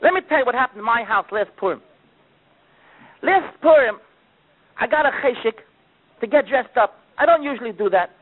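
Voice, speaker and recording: A man giving a sermon with dramatic storytelling, his delivery swinging between loud outbursts and hushed asides. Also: extremely high pitch, lively intonation, moderate pace, pauses often. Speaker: preacher. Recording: tinny phone-like recording.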